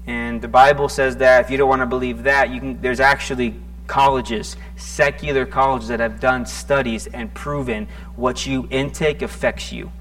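A man preaching a sermon in a conversational, animated way, often restarting his words and joking at his own expense. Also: mid-range voice, normal speed. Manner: conversational, self-deprecating, animated with stuttering restarts. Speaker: pastor.

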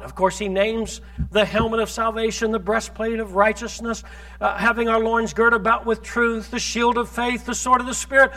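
A male pastor with a strikingly high voice preaches emphatically in church. He fires off scripture and keeps asking the congregation rhetorical questions. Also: moderate pace, fairly bright tone. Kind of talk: sermon.

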